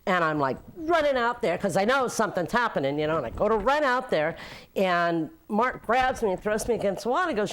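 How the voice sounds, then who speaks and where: A woman's voice: medium pitch, lively intonation, brisk. An older woman, a former nightclub owner, telling stories in a documentary interview with frequent laughs. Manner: warm storytelling with frequent laughs.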